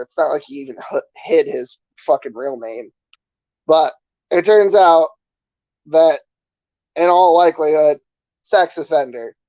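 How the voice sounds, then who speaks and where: A man's voice: a little high, darkish tone, no room sound, dull audio. A man streaming, ranting casually to his chat in a sarcastic, profane, rambling way. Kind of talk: casual livestream rant to chat.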